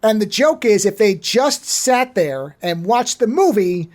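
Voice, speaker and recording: A podcast host who talks at length in a middle-pitched voice. They ramble, lose a word, then circle back to it. It is casual chat on a close mic. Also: expressive, a little slow, a little mellow. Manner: rambling, explains at length, loses words mid-thought.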